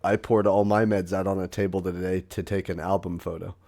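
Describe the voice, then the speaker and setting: A man's voice: sits low, level tone, brisk, gravelly, a little mellow. A man co-hosting a podcast in casual chat, joking, swearing freely and echoing his partner's lines. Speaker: podcast co-host.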